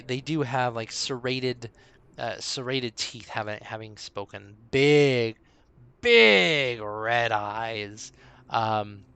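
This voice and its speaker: A man's voice: medium pitch, a bit bright, clear, resonant tone. A man narrating a tabletop game as game master on a live stream, rambling, with many fillers and restarts.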